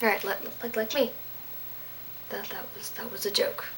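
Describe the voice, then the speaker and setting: A woman giving a casual video lesson on Latin verbs, playful and goofy, with quick jokes and side comments. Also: medium pitch, steady tone, a bit bright, slight background noise, low-quality recording. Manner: playful, goofy asides and self-deprecating jokes. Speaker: Latin tutor.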